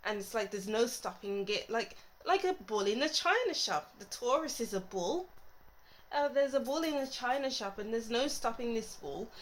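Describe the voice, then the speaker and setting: A woman's voice: fairly high pitch, lively intonation, normal speed, poor audio. Musing woman reading tarot cards. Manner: thinking aloud, musing, trailing off mid-thought. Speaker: tarot reader. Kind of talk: casual tarot reading to camera.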